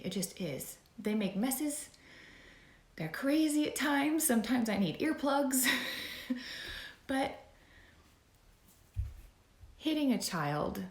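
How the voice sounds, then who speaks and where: A woman's voice: lowish voice, darkish tone, reverberant. A woman YouTuber talking in an earnest, rambling, emotional way, speaking out in a commentary vlog.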